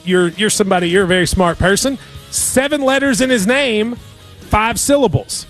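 A man's voice: high-pitched, normal speed, fairly bright tone, faint music behind. A man hosting a sports radio show, bantering in a jokey, playful way.

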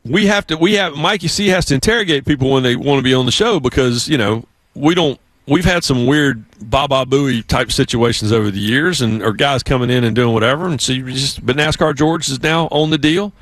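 Southern guy hosting sports radio, tells stories, does goofy voices, mid pitch, dead dry mic. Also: fairly quick, few pauses, no echo. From South Carolina. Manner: storytelling, lively put-on voices for others. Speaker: radio sports show host. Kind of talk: casual radio chat.

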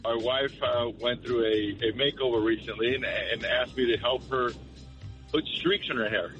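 A man calling in to a radio show with a mid-range voice, telling a story slowly and in a measured way. Music plays clearly underneath. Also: medium pitch, fairly bright tone, muffled recording. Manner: slow, measured storytelling with restarts. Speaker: caller.

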